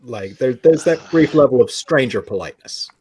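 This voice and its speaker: A man's voice: medium pitch, animated, normal speed, a little mellow, husky, dry recording. A man from Alabama in a casual online chat, joking in a dry, self-deprecating way.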